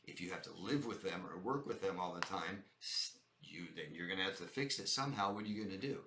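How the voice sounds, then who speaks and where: A man's voice: low-pitched, fairly quick, pushed and bright, reverberant, a little hiss or hum. A man giving life-coaching advice to viewers, speaking emphatically and repeating his points. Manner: emphatic and repetitive, addresses viewers as "guys". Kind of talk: direct-to-camera advice monologue.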